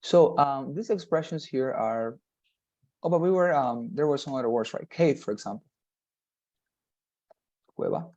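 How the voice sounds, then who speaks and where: A man's voice: mid-range voice, lively intonation, a little mellow, lo-fi sound. Patient man tutoring on a video call. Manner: patient, explains slowly with many fillers and restarts. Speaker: English tutor. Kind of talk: one-on-one online lesson.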